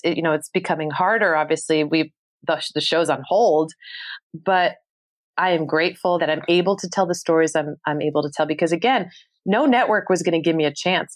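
New lady guesting on an interview, kinda low voice, candid and earnest, acts out her own thoughts. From New York City. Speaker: travel show host, guest. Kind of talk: emotional interview storytelling.

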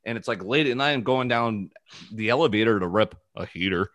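A man's voice: fairly low pitch, a little fast, no echo. A young man hosting a podcast, telling loose, profane stories in casual chat. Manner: loose, profane, animated storytelling. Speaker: podcast host.

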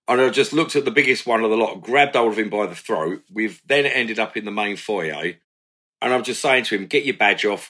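A man, a former career criminal, telling blunt stories with swearing in a candid chat. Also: on the low side. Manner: blunt, swearing, animated retelling with laughs.

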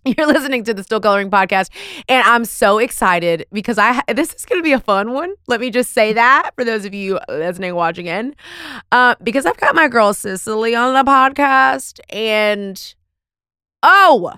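A woman hosting a podcast in casual chat, excitable and playful, often cutting herself off mid-thought. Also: on the high side, moderate pace, smooth, no echo, studio quality. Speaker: podcast host.

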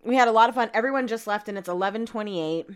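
A woman's voice: a little high, fast, clean tone. A woman in her thirties co-hosting a podcast, chatting casually, joking and breaking into song. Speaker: podcast co-host. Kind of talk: casual chat.

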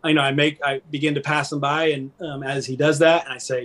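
Guest spot: middle-aged man, raised pitch, earnest and animated, conversational. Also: quick pace. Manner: earnest, animated storytelling with frequent "right?". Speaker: podcast guest, former pastor. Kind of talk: candid conversational interview.

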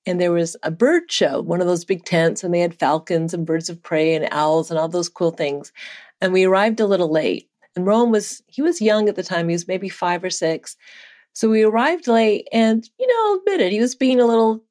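Animated woman telling a story as a guest. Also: on the low side, moderate pace. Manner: animated, earnest storyteller, laughs often. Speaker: psychology researcher guest. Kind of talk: storytelling in an interview.

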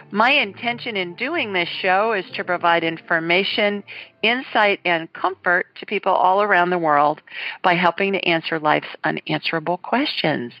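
A woman's voice: medium pitch, highs cut off. A middle-aged woman from the US South hosting a call-in show, chatting enthusiastically about her week. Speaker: host. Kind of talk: casual chat.

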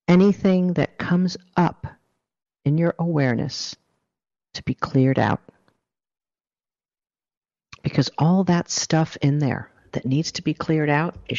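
Guy with a gravelly voice doing a motivational self-help talk, earnest, kinda muffled lo-fi sound. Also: mid-range voice. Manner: earnest, coaching, speaks directly to the listener. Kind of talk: motivational talk with guided exercise. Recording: dull lo-fi recording.

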